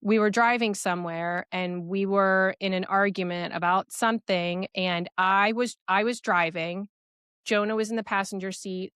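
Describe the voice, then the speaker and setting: Woman, young adult, podcast guest, earnest rapid storytelling, fillers, smooth tone. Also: mid-range voice, fairly bright tone, no echo, clean studio sound. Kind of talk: personal storytelling in a podcast interview.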